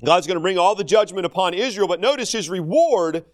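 A man's voice: high-pitched, fairly quick. A middle-aged man preaching a sermon in a conversational, self-deprecating way with humor.

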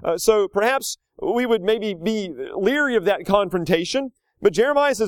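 A man's voice: high voice, animated, normal speed, few pauses, no echo. A middle-aged male pastor preaching a sermon in a conversational way, drifting into homely anecdotes and back.

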